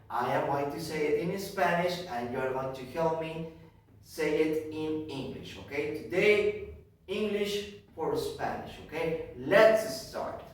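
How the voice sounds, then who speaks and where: Male kindergarten teacher, slightly high voice, patient and deliberate, recorded far from the mic in a roomy space. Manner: slow and deliberate, repeating each point in Spanish; checks in with frequent "okay?". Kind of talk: recorded class for young children. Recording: echoey room, distant mic.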